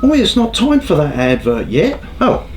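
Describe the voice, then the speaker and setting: A man's voice: a little high, wildly swooping pitch, moderate pace, over music. A man hosting a show, delivering sweary, indignant comedic commentary. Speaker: host.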